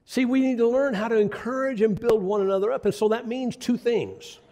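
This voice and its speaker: A man's voice: very high voice, fairly even intonation, a little fast, mellow. An older man preaching a sermon, telling folksy stories with asides to the congregation. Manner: folksy storytelling with asides to the audience.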